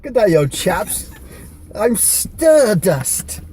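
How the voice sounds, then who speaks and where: A man playing a wrestler who imitates a gentle TV host, in a clumsy fake British accent and a hesitant, sing-song manner. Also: high voice, sing-song, drawn-out words, a little hiss or hum, pitched above the performer's own voice, full character voice. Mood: mock gentle.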